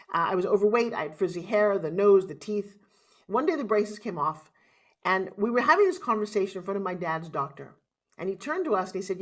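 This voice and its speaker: A middle-aged woman from New York with a New York accent, telling her life story as an interview guest in a dramatic, animated way. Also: mid-range voice.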